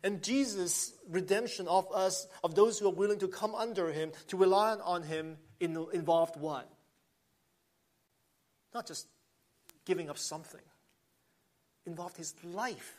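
Guy preaching a sermon, kinda high voice, earnest, gets loud on key words then drops low. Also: a little slow, long pauses. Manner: earnest preaching with swells of emphasis and frequent restarts. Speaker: pastor.

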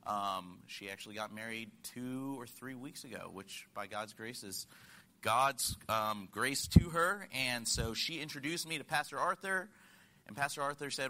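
A man in his thirties from Connecticut preaching a sermon, telling stories earnestly, rising to emphatic points and dropping to quiet asides. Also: medium pitch, lively intonation, moderate pace. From United States (Connecticut). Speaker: guest preacher.

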